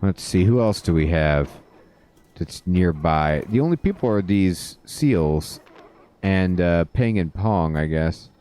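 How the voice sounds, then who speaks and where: A man's voice: sits low, animated, takes it slowly, warm tone, smooth. A man casually commenting while playing a game and reading out its dialogue. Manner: mumbling, reading dialogue aloud. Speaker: let's play gamer.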